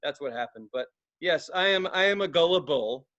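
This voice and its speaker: A man's voice: on the high side, lively intonation, normal speed, pushed and bright, dull audio. A man co-hosting a podcast, telling rambling, profane stories in casual chat and acting out the people he quotes. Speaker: podcast co-host.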